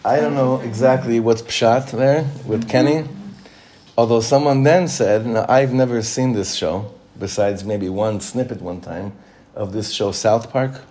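A man's voice: mid-range voice, a little slow, mellow. A man teaching an informal Torah class as a rabbi. He talks conversationally, repeats phrases for emphasis and chuckles often.

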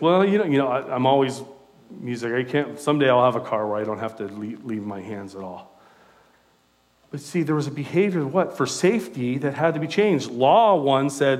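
A middle-aged man from California preaching a sermon as a pastor, conversational and animated, telling stories from his own life. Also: mid-range voice, normal speed.

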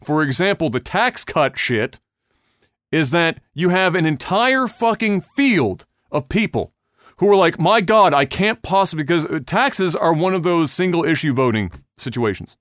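A man's voice: on the high side, expressive, a little slow, a bit bright, no room sound, studio quality. A man hosting a casual podcast, ranting bluntly and heatedly with lots of swearing. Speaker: podcast host.

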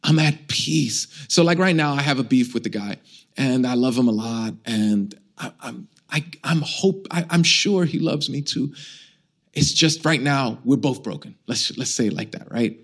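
A middle-aged man preaching a sermon as a pastor, with humorous, animated storytelling, self-mocking asides and questions to the congregation. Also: medium pitch, moderate pace. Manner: conversational, asks the congregation questions.

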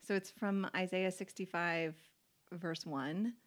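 A woman's voice: fairly low pitch, steady tone, slow. A woman co-hosting a casual faith podcast conversation, chatty, full of "like" fillers and easy laughter, leaning hard on key words. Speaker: podcast co-host.

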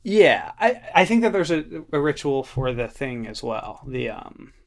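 A man's voice: medium pitch, big pitch swings, unhurried. A young man co-hosting a podcast, laid-back and crude, cracking dry jokes in casual chat. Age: young adult. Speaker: podcast co-host.

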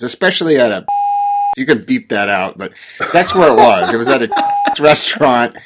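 A man's voice: medium pitch, big pitch swings, moderate pace. A man from rural Oregon, co-hosting a casual chat and telling a ranting story with growing exasperation. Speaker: podcast co-host.

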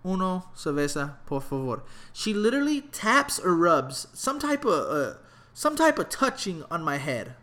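A young adult man telling a comedic travel story in a casual, animated, profane and rambling way. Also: high voice, a little slow.

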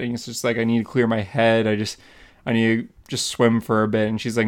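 A young man co-hosting a casual comic book podcast, recapping a story with quick acted-out quotes. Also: lowish voice, monotone, vocal fry, clear, resonant tone. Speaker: podcast co-host.

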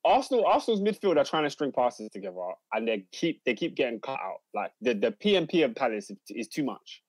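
A man's voice: mid-range voice, sing-song, no room sound. A man hosting a football watchalong, chatting and reading viewer comments aloud. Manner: chatty, reads out viewer comments, measured analysis. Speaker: host of a football watchalong stream. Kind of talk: casual live-stream football commentary.

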